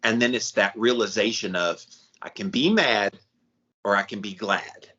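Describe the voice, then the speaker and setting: A man co-hosting a casual podcast, chatty and supportive, tossing in quick asides. His voice is bright and forceful at a middle pitch. The recording has a dull lo-fi quality. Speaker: podcast co-host.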